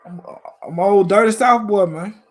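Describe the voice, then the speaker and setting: A man's voice: high-pitched, moderate pace. A man from Memphis with a Southern accent, hosting a casual live stream about football in a laid-back, slangy way. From Memphis, Tennessee.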